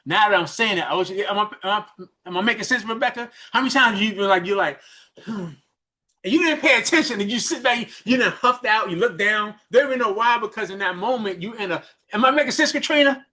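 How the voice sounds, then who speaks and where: New york guy mentoring on a call, talks fast n animated, kinda high voice. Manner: fast-talking, repetitive, animated with restarts. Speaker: business mentor. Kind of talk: coaching talk on a group call.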